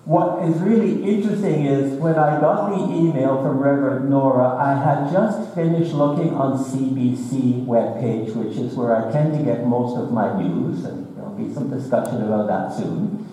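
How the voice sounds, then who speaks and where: A visiting minister preaching a sermon in a measured, deliberate way, with touches of dry humor, in a large church. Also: male voice, mid-range voice, mellow. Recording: echoey church hall from far off.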